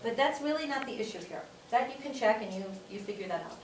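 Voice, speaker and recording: A woman with a fairly high voice lectures a class. She repeats her key points and keeps checking in with "okay?". She was recorded from a distance in an echoey classroom with faint background noise. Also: expressive, fast. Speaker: teacher.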